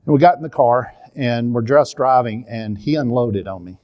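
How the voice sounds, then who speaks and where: A man in his sixties speaks at a church seminar, his Southern drawl carrying an earnest, confessional tone. His voice sits in a middle pitch as he teaches through stories of his own family. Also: normal speed, lo-fi sound. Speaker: minister and counselor teaching a seminar.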